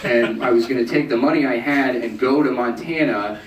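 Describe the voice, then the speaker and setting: A young man telling a stand-up story in a dry, deadpan way, now and then jumping high to quote others. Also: normal speed, distant mic, background noise. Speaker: stand-up comedian. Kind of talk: stand-up set. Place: comedy club stage. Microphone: handheld stage mic, taped from the audience. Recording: roomy bootleg taped from the crowd. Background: crowd laughter.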